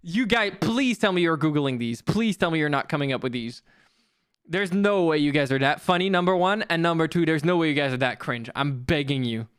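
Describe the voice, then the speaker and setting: High, clear-voiced excitable male streamer. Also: brisk, no echo, studio quality. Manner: excitable, swears a lot, self-mocking. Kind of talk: casual live-stream commentary.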